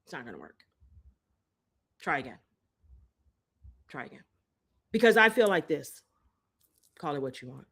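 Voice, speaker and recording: A woman's voice: low voice, very animated, moderate pace, long pauses, fairly bright tone, slightly rough. A woman hosting a live-stream commentary, heated and profane, hammering her points with repeated rhetorical jabs into a phone. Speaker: host.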